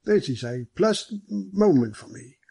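A man's voice: high-pitched, lively intonation, unhurried, vocal fry, breathy edge, dry recording, voice pushed up, heavily acted. A man doing a hearty, genial police superintendent. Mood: welcoming. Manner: hearty, raised and brightly lifted. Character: genial, large middle-aged police superintendent.

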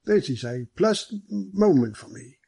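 A man's voice: high-pitched, expressive, measured pace, vocal fry, mellow, slightly rough, no room sound, pitched above the performer's own voice, full character voice. A man voicing a large, genial, middle-aged police superintendent who talks in a hearty, courteous way, in an audiobook.

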